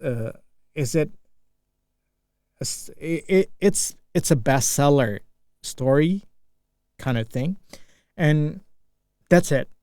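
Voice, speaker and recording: A man's voice: a little high, animated, slow pace, pauses often, dark tone, no room sound, studio quality. A young Indonesian man with an Indonesian accent, English not his first language, speaking unscripted practice talk full of restarts and fillers as he searches for words. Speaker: English learner.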